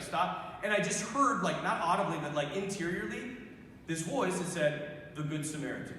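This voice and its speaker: A priest in his thirties telling a story to young people, animated, laughing and acting out what people said. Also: sits high, slight background noise. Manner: animated, acts out quotes, laughs often. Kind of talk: youth retreat talk, storytelling. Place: large hall. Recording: echoey hall from far off.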